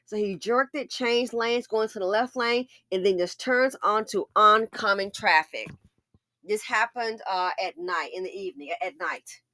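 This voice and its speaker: A woman giving casual commentary on a news story, animated and talking straight to her viewers. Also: medium pitch, moderate pace. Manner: animated, addresses viewers directly.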